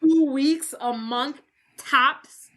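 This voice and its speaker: A woman's voice: sits high, extremely slow, sharp tone, voice pushed up, full character voice. Woman doing a blustering conned mob guy. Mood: angry. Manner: blustering, indignant. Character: angry conned mob-adjacent man, blustering. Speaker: podcast host.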